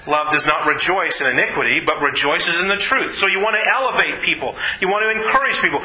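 A man's voice: sits high, quick pace, hardly any pauses, bright, forceful tone, roomy sound, poor audio. A man preaching a sermon in an earnest, conversational way, often repeating his phrases. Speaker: pastor.

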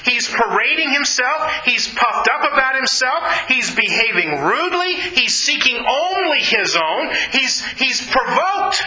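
A man's voice: very high-pitched, sing-song, measured pace, hardly any pauses, echoey room, rough recording. A man preaching a sermon in an earnest, conversational way, often repeating his phrases. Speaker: pastor.

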